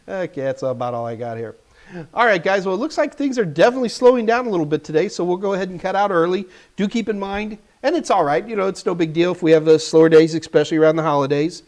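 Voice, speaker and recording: Talking straight to his chat, a live-stream host fields viewers' tech questions with a casual, joking manner. His voice sits high and sounds a little mellow.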